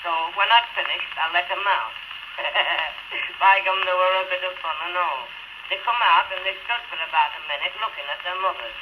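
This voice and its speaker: Man playing a cheerful simple northern shepherd lad, high chirpy voice, chuckling, scratchy 78 rpm record hiss. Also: moderate pace, dull audio, lightly acted. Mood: boastful. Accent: northern English dialect. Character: cheerful simple young male Yorkshire shepherd. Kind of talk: comic music-hall monologue.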